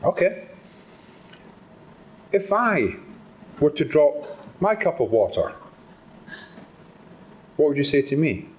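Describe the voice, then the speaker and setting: A man's voice: on the high side, very animated, slow, pauses often, a little hiss or hum. A Scottish man giving an engaging live talk at a conference, drawing the audience into participation. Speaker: conference speaker. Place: conference hall.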